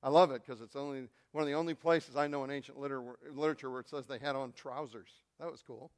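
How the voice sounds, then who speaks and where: A male pastor preaching a sermon, telling a story and swinging from quiet, intimate asides to loud, shouted peaks. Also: mid-range voice, fairly even intonation, quick pace, few pauses.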